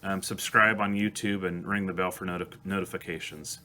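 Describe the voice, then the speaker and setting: A man's voice: low-pitched, fairly even intonation, a little fast. A man hosting a devotional show, speaking earnestly and with emotion. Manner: earnest, emotional, reads song lyrics aloud. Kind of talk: devotional talk.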